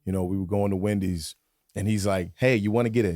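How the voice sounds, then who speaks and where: Animated comedian from Virginia. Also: male voice, lowish voice, fast talker, no room sound, clean studio sound. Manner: animated storytelling, slips into acted voices. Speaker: comedian guest. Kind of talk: casual chat.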